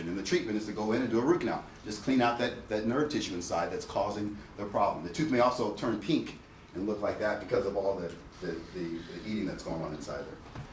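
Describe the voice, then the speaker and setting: A man giving a lively, jokey dental lecture, mimicking patients to make his points. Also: slight background noise. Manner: acts out patients in a high whiny voice, jokey. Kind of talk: animated classroom lecture. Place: lecture hall. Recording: echoey lecture hall, voice from a distance.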